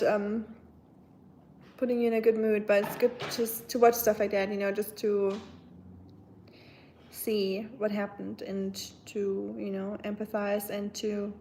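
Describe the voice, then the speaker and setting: Woman, young adult, livestream host, casual chat, filler-heavy, slightly high voice. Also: a little mellow, slight background noise. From Germany. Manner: chatty, reads chat aloud, many fillers. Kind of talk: casual live stream chat.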